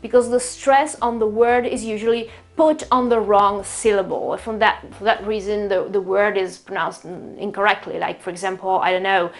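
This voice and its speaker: A woman from Italy with an Italian accent, a native Italian speaker, hosting an online English lesson in a chatty way and repeating words slowly to model their pronunciation. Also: mid-range voice, steady tone. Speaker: English teacher, channel host.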